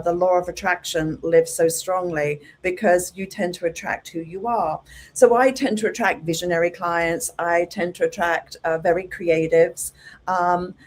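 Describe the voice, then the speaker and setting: A middle-aged woman teaching a hairdressing class, animated and acting out her clients with lively exclamations. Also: on the low side. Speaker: hairdressing educator.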